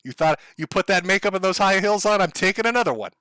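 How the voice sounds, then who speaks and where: A man's voice: high voice, expressive, fast talker, sharp tone, dry recording, pitched above the performer's own voice. A man putting on the voice of an angry, blustering male head of state who curses as he talks. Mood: defiant. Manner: swaggering, cursing.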